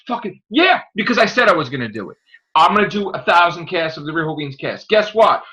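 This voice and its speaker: A man holds forth on his podcast in a bright, sharp voice that swings wildly up and down, profane and combative, circling back to the same points again and again. He is getting over an illness. The audio is muffled and lo-fi. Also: high-pitched. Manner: profane, combative, repetitive ranting. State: recovering from illness. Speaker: podcast host. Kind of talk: casual podcast rant.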